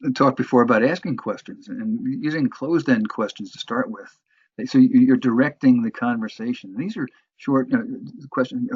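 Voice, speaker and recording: A man lectures on phone sales in a halting way, restarting his sentences often. His voice is husky and mid-pitched. The recording is dull and dry, with no room sound. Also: no room sound. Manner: halting, many restarts and fillers. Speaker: sales trainer.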